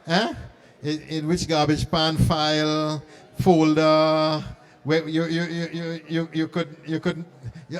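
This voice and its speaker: A middle-aged man, an archbishop speaking to a conference of school principals and leading them through a meditation. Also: a little high. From Trinidad and Tobago. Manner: animated and coaxing, then slow and hushed in prayer. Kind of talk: talk guiding a meditation. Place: conference hall.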